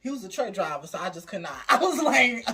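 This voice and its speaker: A woman's voice: medium pitch, fast talker, a crowd in the background. A woman in a casual panel chat, joking and laughing through her stories. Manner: giggly, joking, animated.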